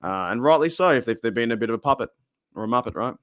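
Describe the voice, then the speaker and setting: A man's voice: mid-range voice, lively intonation, fast talker, fairly bright tone, no echo, clean studio sound. A man with an Australian accent hosting a casual live stream, rambling and chatty, reading out chat and laughing often.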